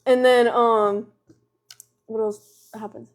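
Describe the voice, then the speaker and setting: A teenage girl chatting casually on a livestream, telling a story in an animated way with lots of filler words. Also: fairly high pitch, takes it slowly.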